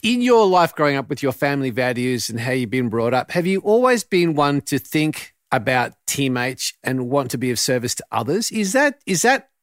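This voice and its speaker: A man's voice: medium pitch, very animated, moderate pace, few pauses, no room sound, clean studio sound. A man hosting a podcast interview, asking earnest, searching questions and often restarting them as he goes. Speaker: podcast host.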